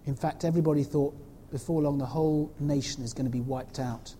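A woman telling a story to children in an animated way, asking them questions as she goes. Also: low-pitched, fairly quick, breathy edge, in a large hall. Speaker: children's talk leader.

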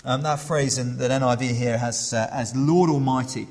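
A middle-aged man preaching a sermon. He hesitates often with fillers and restarts, then grows animated when acting out the crowd. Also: mid-range voice, normal speed. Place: church. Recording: long reverb of a church hall.

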